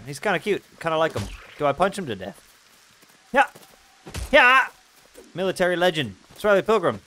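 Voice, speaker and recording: A man hosting a gaming video, giving playful, self-mocking let's-play commentary that breaks into loud excited yelps. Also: a little high, normal speed. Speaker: gaming channel host.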